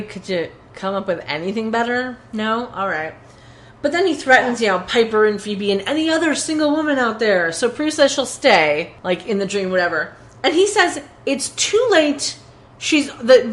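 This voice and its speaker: A woman's voice: a little high, normal speed. Chatty woman recapping a TV episode. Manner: animated retelling with quoted lines. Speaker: podcast co-host. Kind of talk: casual recap chat.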